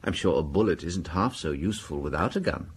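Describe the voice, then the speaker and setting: A mild, shrewd English priest. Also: male voice, a bass voice, expressive, brisk, breathy edge, heavily acted. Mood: probing. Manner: gentle, dry and understated. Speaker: priest detective. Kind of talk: radio drama acting.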